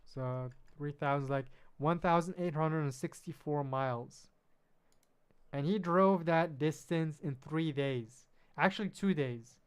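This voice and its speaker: With a fairly high, smooth voice and a measured pace, a young Belgian man talks casually to his viewers while gaming. Friendly and prone to repetition, he addresses chat by name, and game music can be heard behind him.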